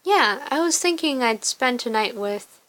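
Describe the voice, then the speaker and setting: A young woman chats through a story game, casual and self-mocking about her choices. Her voice sits fairly high. She talks in a relaxed, offhand way while she plays. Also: unhurried, poor audio. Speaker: game player.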